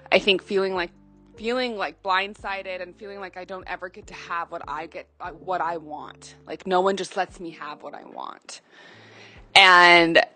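A woman's voice: on the low side, fairly bright tone. A woman co-hosting a podcast, telling a personal story candidly and acting out the dialogue she quotes. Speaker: podcast co-host. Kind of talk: casual chat.

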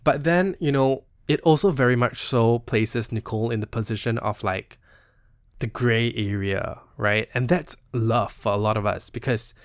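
A man's voice: medium pitch, moderate pace, no echo, studio quality. Chatty Singaporean man hosting a podcast. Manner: chatty and playful, full of "you know" and "like". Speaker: podcast host. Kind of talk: casual solo literary analysis.

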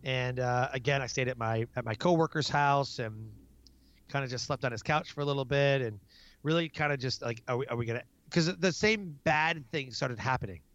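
A man's voice: mid-range voice, brisk, a bit bright, no echo, lo-fi sound. A man in his thirties, a military NCO, telling stories about family life in a casual interview, laughing and acting out his own outbursts. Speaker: guest; military non-commissioned officer.

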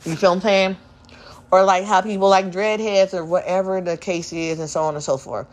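A young woman hosting a candid solo podcast, rambling in slang with many fillers and breaking into quick mocking voices of other people. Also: on the low side, steady tone. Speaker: podcast host.

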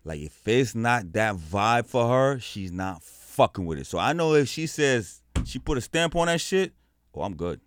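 A man in his forties, a guest musician chatting casually in an interview, telling animated stories, acting out voices and swearing freely. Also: medium pitch, normal speed, a little hiss or hum.

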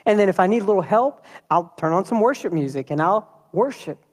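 A man preaching a sermon in a church, talking in a lively, conversational way and throwing rhetorical questions at the congregation. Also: high-pitched, a little fast, in a large hall. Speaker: pastor.

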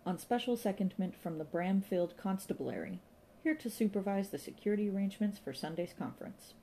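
A woman reading an audiobook voices a brisk, officious male police inspector who talks in a formal, clipped, commanding way. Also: medium pitch, lively intonation, dark tone, slight background noise, voice pushed up, lightly acted.

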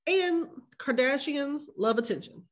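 A woman co-hosting a podcast, chatting casually with animated, slangy talk and frequent laughter. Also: high voice, a little slow. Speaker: podcast co-host. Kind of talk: casual chat.

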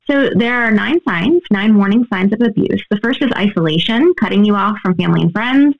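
A woman's voice: medium pitch, animated, fairly quick, vocal fry, phone-quality sound. A woman answering interview questions as an expert guest, earnest and explanatory, often tagging on "right?".

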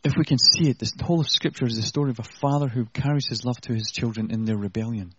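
Husky-voiced man preaching a sermon. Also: medium pitch, fast, fairly bright tone, no echo, lo-fi sound. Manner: earnest, conversational preaching with self-deprecating asides.

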